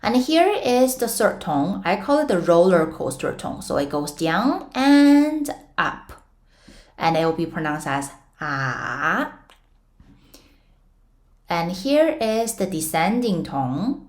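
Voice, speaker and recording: A woman's voice: very animated, a little slow, darkish tone. A young woman teaching Mandarin pinyin in a casual online lesson, patiently explaining step by step with playful comparisons. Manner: models tones with sudden high sung-out syllables.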